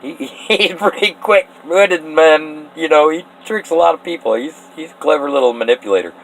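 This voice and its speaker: A man from Eastern Washington pitching a story idea in a rambling, earnest, often emotional way, laughing between thoughts. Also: normal speed, a little hiss or hum, low-quality recording. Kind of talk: casual spoken story pitch.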